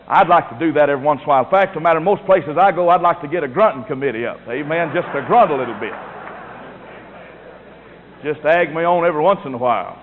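A man's voice: fairly high pitch, slight background noise. A man preaching a sermon in a folksy, emphatic way. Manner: folksy, emphatic preaching with rising and falling delivery. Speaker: pastor. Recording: tinny phone-like sound with long hall reverb.

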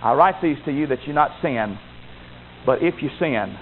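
A man preaching a sermon with emphatic delivery, rising to loud exclamations and dropping to low asides. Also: expressive, normal speed. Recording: tinny phone-like sound with faint noise.

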